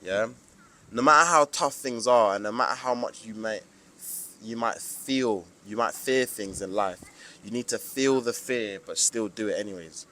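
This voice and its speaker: A man's voice: on the low side, normal speed, pushed and bright. Emphatic young British man with slangy talk. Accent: British English. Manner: emphatic and preachy, heavy slang. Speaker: vlogger. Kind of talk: motivational monologue to camera.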